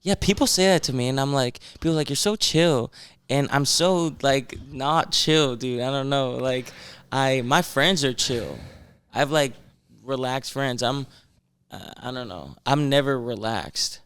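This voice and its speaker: A man from Massachusetts, a rapper guesting on a podcast, talking casually in a soft-spoken way while searching for his words. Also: mid-range voice, measured pace, clear, resonant tone, no room sound. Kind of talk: casual chat.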